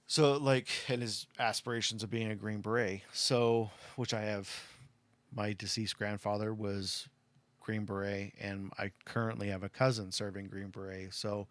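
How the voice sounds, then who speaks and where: A middle-aged man from Arizona tells a heartfelt story, rambling through fillers and getting choked up along the way. His voice sits on the lower side. The sound is dry and close, with no room echo. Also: fairly bright tone. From Arizona, USA. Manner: rambling, heartfelt, lots of "like" and "you know" fillers. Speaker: fan telling a personal story. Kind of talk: casual storytelling.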